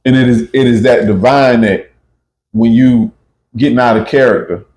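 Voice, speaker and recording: A man's voice: mid-range voice, moderate pace, darkish tone, echoey room. A man hosting a casual spiritual talk, emphatic and often checking in with "right?" and "you see?". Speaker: podcast host.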